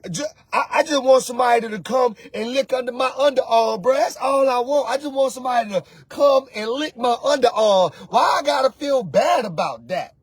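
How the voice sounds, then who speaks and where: Host, husky high-voiced man, slangy animated coach, loud bursts, dry close sound. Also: moderate pace, few pauses, dry recording. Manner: animated, preachy, slangy, often shouting. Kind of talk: casual motivational talk.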